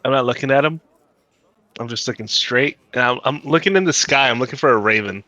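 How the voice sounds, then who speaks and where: A man's voice: medium pitch, fairly quick, pushed and bright, no echo, highs cut off. A man playing a tabletop role-playing game, speaking in a playful, joking way. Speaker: player. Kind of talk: casual tabletop game play.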